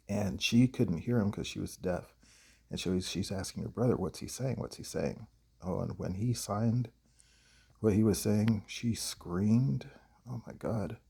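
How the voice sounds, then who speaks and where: A man, a horror writer, telling a personal story in a halting, hesitant way with many pauses. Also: on the low side, gravelly, mellow, breathy edge.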